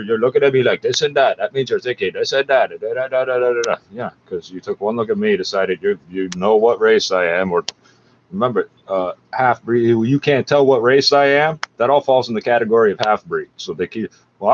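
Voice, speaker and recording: A man talking in a rambling, conversational way. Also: fairly low pitch. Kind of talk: casual talk. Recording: dull lo-fi with faint noise.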